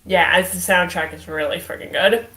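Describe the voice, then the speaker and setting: A woman's voice: lowish voice, a little fast, pushed and bright. A young woman co-hosting a stream, chatting casually and enthusiastically over a voice call, laughing often. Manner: giggly and enthusiastic. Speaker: stream co-host.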